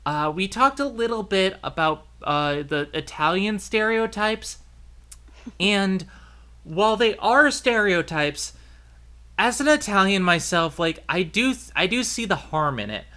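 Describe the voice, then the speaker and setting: Male podcast host, high and bright, loose rambling delivery. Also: expressive, a little slow, clean tone. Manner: chatty, rambling with fillers and restarts. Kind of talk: casual chat.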